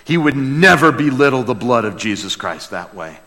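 A man preaching a sermon as pastor, passionate, dropping to a hush and then crying out. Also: medium pitch, very animated, moderate pace, long reverb tail. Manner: passionate, swings from hushed to crying out.

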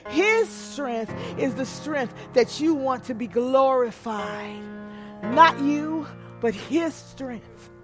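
A woman preacher leading an altar call in church, speaking in repetitive cadences and swinging from hushed prayer to shouting. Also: on the high side. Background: soft music.

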